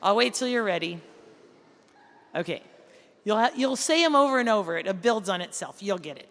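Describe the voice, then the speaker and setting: A woman's voice: mid-range voice, lively intonation, normal speed, pauses often, a bit bright. A woman teacher leading an audience through a call-and-response poem, coaxing them to make animal sounds. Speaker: teacher leading a school poetry event. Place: school hall or gym, indoors. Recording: echoey hall, faint room ambience.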